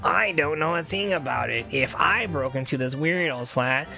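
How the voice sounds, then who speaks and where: A woman voicing an evasive, defensive female artist witness, speaking slowly and coyly. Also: low voice, expressive, gravelly, sharp tone, faint music behind, heavily acted.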